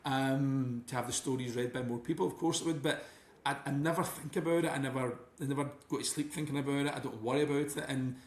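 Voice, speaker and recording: A man's voice: mid-range voice, steady tone, fast. A Scottish man talking casually as a podcast guest, rambling and often restarting his sentences. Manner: rambling, many restarts and "you know". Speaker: guest author and teacher. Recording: roomy echo.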